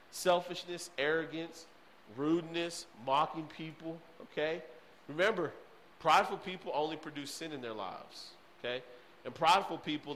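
A man preaching a sermon with emphatic repetition, often checking in with the audience, swinging between loud bursts and hushed pleading. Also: on the high side, low-quality recording. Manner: emphatic and repetitive, addresses the crowd with "okay?".

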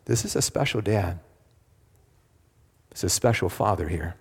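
A man's voice: low voice, expressive, unhurried, breathy edge. A man preaching a sermon, engaging the congregation with questions and emphatic retellings. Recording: long hall reverb.

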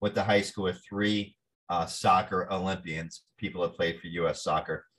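Animated New man telling stories. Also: sits low, normal speed. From New Jersey. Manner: animated storyteller, acts out quoted voices. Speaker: actor guest. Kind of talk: storytelling interview.

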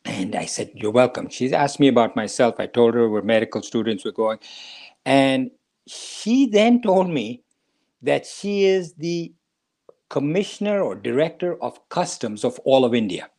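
Older man telling an unhurried story. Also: medium pitch, lively intonation, darkish tone. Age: 70s. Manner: unhurried anecdotal storytelling with rhetorical questions. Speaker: podcast host, doctor. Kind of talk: storytelling talk.

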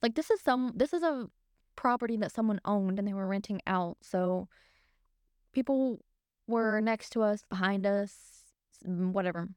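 A woman's voice: medium pitch, moderate pace, a little mellow, clean tone, no echo, studio quality. A young woman co-hosting a podcast, casually and emotionally retelling a frightening night. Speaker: podcast co-host. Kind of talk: casual storytelling.

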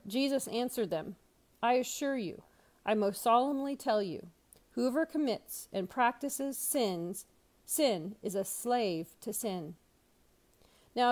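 A woman pastor reading Bible passages aloud, expressive, with brief lively asides. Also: medium pitch.

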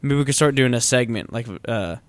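A man's voice: medium pitch, fairly quick, no echo. A man co-hosting a podcast, chatting casually over beers with dry, laid-back teasing. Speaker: podcast co-host.

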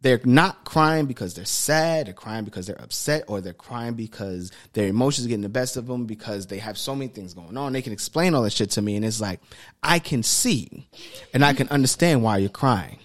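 Man, podcast guest, blunt and profane, mid pitch, animated storyteller. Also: brisk. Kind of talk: casual podcast chat.

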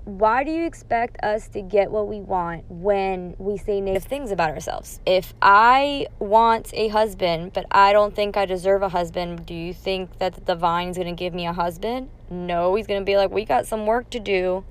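A woman in her thirties talks straight to her listeners in a loose, chatty monologue. Her voice sits at an ordinary middle pitch. She drops a casual swear word now and then. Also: moderate pace, hardly any pauses, clear, resonant tone. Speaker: manifestation talk host.

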